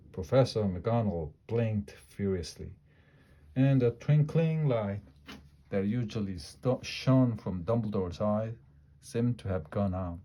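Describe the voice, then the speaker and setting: A man reading a children's book aloud, slow and careful with small slips. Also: lowish voice, dark tone. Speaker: storybook reader.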